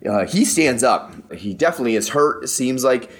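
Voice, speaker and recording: A man's voice: mid-range voice, lively intonation, fairly quick. A man running a tabletop game as game master, narrating scenes vividly and laughing with the players.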